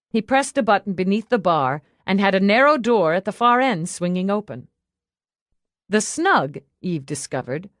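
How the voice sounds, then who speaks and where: A woman narrating a fantasy audiobook in an expressive way, acting out every character. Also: medium pitch, no room sound, clean studio sound. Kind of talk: scripted narration.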